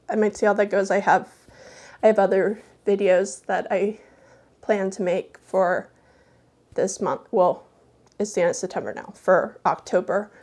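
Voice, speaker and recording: A woman reading a folksy horror tale aloud, then chatting softly and hesitantly to her viewers. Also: mid-range voice. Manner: folksy storytelling dialect, then soft hesitant chat. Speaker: storyteller.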